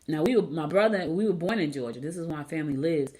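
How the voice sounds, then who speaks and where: A woman's voice: deep voice, animated, fast talker, mellow. Chatty woman podcast host. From New Jersey. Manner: chatty, repeats herself, retells dialogue. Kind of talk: casual solo podcast talk.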